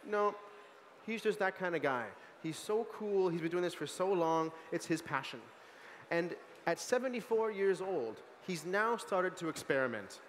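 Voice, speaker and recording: A man's voice: on the high side, slight background noise. Chatty American man in a reverberant hall. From United States. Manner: animated, chatty, lots of fillers and asides. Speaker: sommelier giving a wine tasting talk. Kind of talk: lively tasting presentation. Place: large hall at a food market event.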